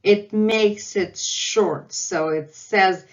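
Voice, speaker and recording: A woman's voice: fairly low pitch, dull audio. A woman teaching a language lesson, patiently repeating each sound several times. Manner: patient, drawn-out repetition of sounds. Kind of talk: slow alphabet lesson with repetition.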